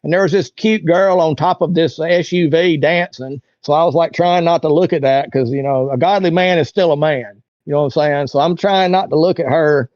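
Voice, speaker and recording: Man, 40s, interview guest, storytelling, acts out quotes, fairly high voice, dry room. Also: brisk, darkish tone, no room sound. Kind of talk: casual storytelling. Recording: dull dry lo-fi sound.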